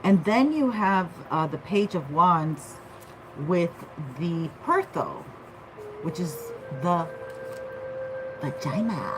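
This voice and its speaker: A woman's voice: fairly low pitch, big pitch swings, slow pace, long pauses, music in the background, rough recording. A woman giving a casual tarot reading, chatty and loose, often checking in with "okay?". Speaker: tarot reader.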